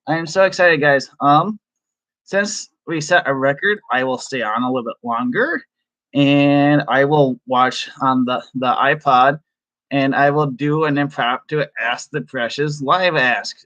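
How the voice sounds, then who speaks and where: A man talks casually to his viewers on a live stream from his room, with an unhurried, drawn-out pace. He is chatty and excitable and laughs often. The audio sounds dull and lo-fi. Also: mid-range voice. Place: home room.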